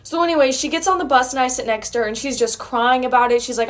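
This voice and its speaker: Young woman, casual storytelling, chatty, fillers, a bit high-pitched. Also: fast. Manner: chatty, uses many fillers, laughs while telling.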